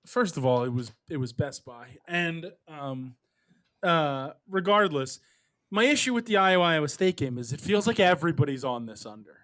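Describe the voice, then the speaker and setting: A man's voice: fairly high pitch, expressive, moderate pace, a bit bright. A man hosting a sports betting podcast, steering the picks in casual chat. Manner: runs the segment, laughs often. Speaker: podcast host.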